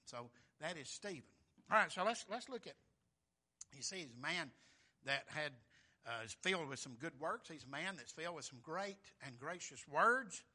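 A man preaching a fervent, folksy sermon. He surges in force on key phrases and calls out "Amen?" to the congregation. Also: sharp tone. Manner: fervent, surging in pitch and volume on key phrases.

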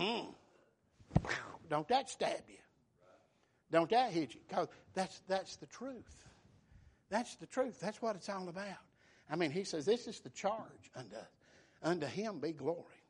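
A male preacher, delivering an impassioned sermon with call-and-response, swinging from loud to hushed. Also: sits high.

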